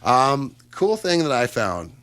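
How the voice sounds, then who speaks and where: A Canadian man hosts a casual radio chat from a studio. He talks in an upbeat, chatty way, full of fillers and quick asides, at an ordinary middle pitch. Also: very animated, fairly bright tone, no echo. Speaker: radio host.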